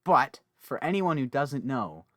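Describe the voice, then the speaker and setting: A young man hosting a casual podcast chat, talkative and quick to laugh, often interrupting himself. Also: mid-range voice, big pitch swings, fairly bright tone, dry recording, clean studio sound. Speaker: podcast host.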